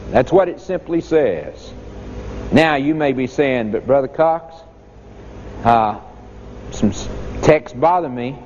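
A man's voice: sits high, darkish tone, slight background noise. A man preaching a sermon in an emphatic, dramatic storytelling way. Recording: long hall reverb, dull lo-fi sound.

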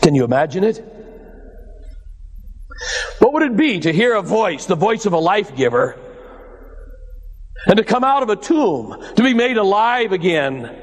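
Male preacher, high voice, dramatic delivery, long hall reverb. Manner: dramatic preaching, swings high and low, addresses listeners as "my dears". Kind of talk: sermon.

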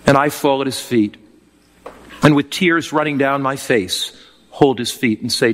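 A man's voice: medium pitch, measured pace, in a large hall. A man preaching a sermon, telling an emotional, fervent story. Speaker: pastor.

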